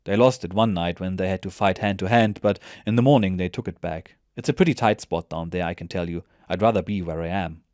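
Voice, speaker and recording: A seasoned soldier, calm and lightly mocking, who talks in a matter-of-fact way, with a man doing the voice. The voice is low-pitched and dry, close to the mic. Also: fairly quick, hardly any pauses, no room sound, natural voice. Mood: wry.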